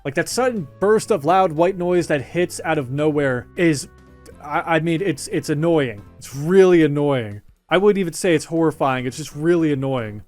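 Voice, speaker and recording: Animated, jokey young man, a bit high-voiced. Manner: animated, jokey, swears casually, talks to himself. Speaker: YouTube commentary host. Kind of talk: casual scripted commentary.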